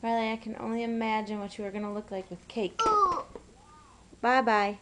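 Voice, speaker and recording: A woman's voice: a little high, flat delivery, moderate pace, heavy background noise. A woman filming her toddler at home on a camera's built-in mic, coaxing her in sing-song baby talk and scolding her now and then. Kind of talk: home video, talking to a toddler.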